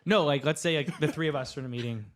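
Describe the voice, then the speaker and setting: A man's voice: on the high side, rapid-fire, over a noisy crowd. A man co-hosting a podcast, chatting casually in a rambling, self-questioning way and laughing often. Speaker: podcast co-host. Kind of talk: casual chat.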